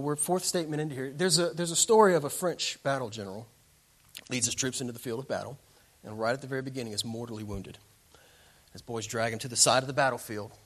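A man preaching a sermon, slowing down for emphasis and swinging between loud declarations and hushed, quiet lines. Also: medium pitch. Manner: slows down for emphasis. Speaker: pastor.

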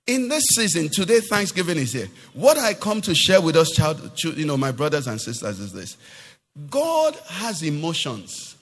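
Male pastor, high voice, swings a lot in pitch, long echo of a church hall. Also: moderate pace. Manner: animated preaching with rhetorical questions to the congregation. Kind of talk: sermon.

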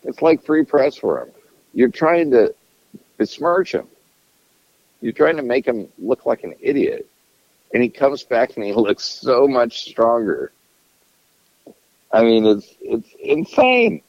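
A man's voice: medium pitch, lively intonation, unhurried, a little mellow, no room sound, highs cut off. A man co-hosting a podcast, chatting casually about politics in a profane, rambling way and often restarting his sentences. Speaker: podcast co-host.

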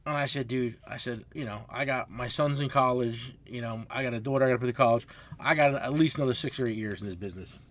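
A man's voice: medium pitch, fast talker. A middle-aged man, a tool truck dealer, telling a long story in casual chat, swearing freely and acting out both sides of the conversation. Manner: profane, animated storyteller acting out quotes.

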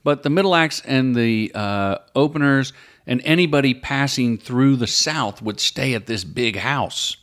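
A man chats on a podcast, looking back on the comedy circuit. His voice sits in a middle pitch and his delivery stays dry. He states hard facts plainly and moves on. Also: a little slow, a bit bright. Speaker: podcast guest. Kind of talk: casual chat.

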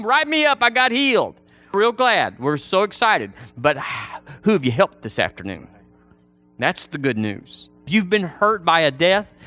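A man preaching a sermon, folksy and animated, slipping into playful voices for the people he mimics. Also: on the high side.

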